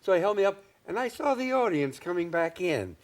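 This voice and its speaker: A man in his seventies from Indiana spins folksy stories in a sit-down interview. His voice sits a little higher than most men's, and he chuckles and checks in with "see?" as he talks. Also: big pitch swings, a little fast. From Indiana, USA. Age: 70s. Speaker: comedian guest. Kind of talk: anecdotal storytelling in an interview.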